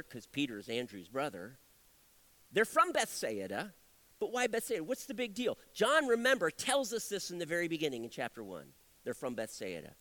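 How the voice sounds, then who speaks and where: A male pastor preaching a sermon in an animated, conversational way, breaking off for asides and correcting himself. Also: on the high side.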